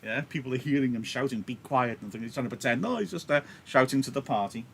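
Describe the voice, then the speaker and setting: A man's voice: medium pitch, rapid-fire, gravelly, husky. A man teaching live, reading a play aloud and explaining it in a joking, chatty way over a laptop mic.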